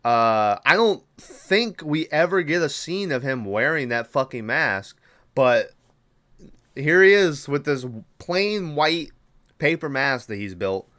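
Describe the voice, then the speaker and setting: A man's voice: on the high side, big pitch swings, takes it slowly, sharp tone. A man hosting a podcast, recapping a movie in a rambling, profane, casual way and doubling back when he forgets things. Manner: rambling, profane, loses track and backtracks. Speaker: podcast host.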